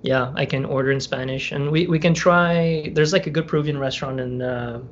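A man's voice: mid-range voice, fairly even intonation, a little fast. A man co-hosting a podcast in casual chat, rambling and laughing often as he trails off mid-sentence. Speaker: podcast co-host. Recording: dull remote recording with faint noise.

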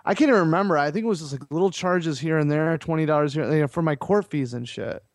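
A man telling a story as a podcast guest, rambling and filler-heavy, with animated retelling. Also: a little high, fast talker, no room sound, clean studio sound. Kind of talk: casual storytelling.

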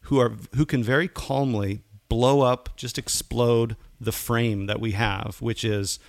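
A man's voice: medium pitch, steady tone, measured pace, no room sound. A man co-hosting a podcast, a pastor chatting casually, rambling with many restarts.

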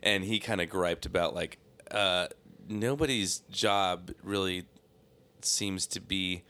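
A man's voice: sits low, steady tone, slow, bright, forceful tone. A man chatting as a podcast guest, talkative and wordy with a joking edge. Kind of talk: casual chat.

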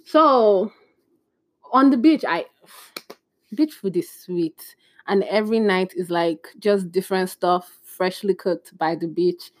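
A woman vlogging in a casual, animated storytelling way, chatty and laughing at her own stories. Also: medium pitch, a little slow, a little hiss or hum.

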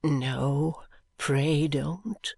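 A reader doing a meek young son, soft and pleading. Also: medium pitch, a little slow, no room sound, studio quality. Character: meek young man, dutiful submissive son. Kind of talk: audiobook character reading.

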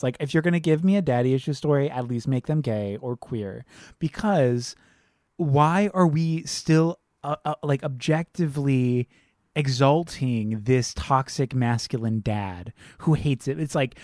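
A man's voice: mid-range voice, expressive, measured pace, a little mellow, no echo, clean studio sound. Ranting man on a film podcast. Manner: heated, ranting, swears freely. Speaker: podcast co-host. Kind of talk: casual film review chat.

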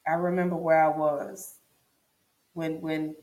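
A woman recounts a personal story straight to camera, her voice sitting low and deliberate. She leans on repetition for emphasis, and the recording carries a noticeable room echo. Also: little pitch movement, a little mellow. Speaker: vlogger. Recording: echoey room.

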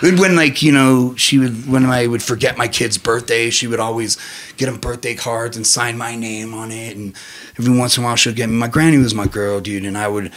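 This podcast guest, in his thirties, is an animated storyteller who curses and laughs his way through tales in easygoing conversation. His voice sits in the mid range and moves fairly quickly.

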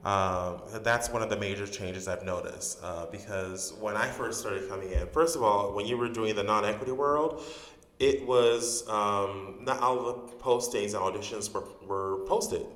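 A man's voice: on the low side, moderate pace. A man, a stage actor being interviewed, telling stories casually with lots of fillers and restarts. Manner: animated storyteller, many fillers and restarts. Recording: roomy reverberant room.

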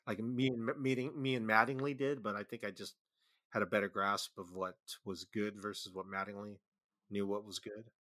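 Rambling through road anecdotes with frequent fillers, laughs and restarts, a musician and label founder chats in a casual interview. His voice sits lowish and has a sharp tone.

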